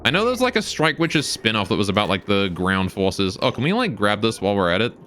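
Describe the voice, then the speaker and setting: A man's voice: lowish voice, big pitch swings, fairly quick, fairly bright tone, a little hiss or hum. A man from Britain whose accent has turned mostly Canadian, chatting casually and rambling on a live game stream while answering viewer questions. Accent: British, now mostly Canadian.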